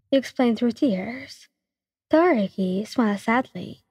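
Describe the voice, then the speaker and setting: Breathy young woman narrating a story. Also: medium pitch, unhurried, a little mellow. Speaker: fanfiction reader. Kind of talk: second-person ASMR story narration. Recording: long reverb.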